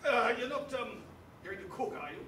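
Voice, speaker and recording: A man's voice: very high-pitched, lively intonation, normal speed. A man on stage playing a blustering, pompous old army major, recorded in an echoey theatre from far off with some noise. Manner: plummy, bombastic, hesitant fillers. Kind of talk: amateur stage acting. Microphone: far camera. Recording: echoey hall from far off, noisy.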